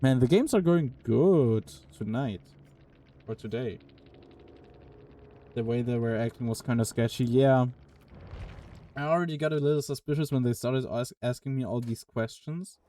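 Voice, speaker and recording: Mellow-voiced man streaming casually. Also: medium pitch, normal speed, long pauses. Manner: relaxed, hesitant with fillers. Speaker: game streamer. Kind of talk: casual live-stream chat. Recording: distant mic with faint noise.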